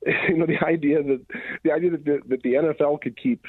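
A man speaking as a radio guest over a phone line, halting and thoughtful, with lots of restarts. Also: a little high, fairly even intonation, breathy edge, no room sound. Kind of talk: conversational commentary. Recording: muffled phone-line call.

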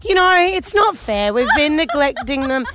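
A woman's voice: high voice, sing-song, normal speed, background noise. A woman co-hosting a chat show, frank and laughing, swearing casually. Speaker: co-host.

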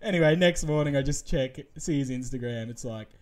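A man's voice: medium pitch, brisk, slight background noise. A young man, a podcast co-host and comedy MC, telling a story in casual chat, laughing often and swearing freely.

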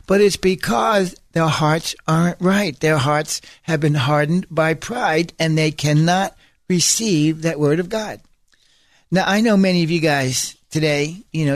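A man's voice: a little high, dry recording. A man preaching a sermon, stressing points by repeating phrases and breaking off into conversational asides. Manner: conversational asides and self-corrections.

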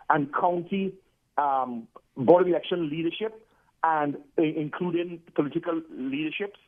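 A man calling in to a radio show, rambling and emphatic, restarting his sentences. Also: a little high. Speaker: caller. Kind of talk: phoned-in talk radio call. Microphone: telephone. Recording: tinny phone line.

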